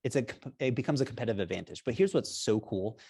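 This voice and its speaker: A man's voice: medium pitch, expressive, fast talker, gravelly, warm tone, breathy edge. A man being interviewed as a guest, explaining business strategy in an upbeat, persuasive way and chuckling often. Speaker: guest, repricing software founder.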